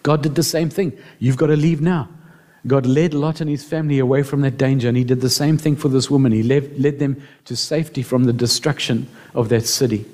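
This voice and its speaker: A man's voice: mid-range voice, fairly even intonation, fairly quick, hardly any pauses, darkish tone. A man preaching a sermon as pastor, emotional and building to impassioned appeals.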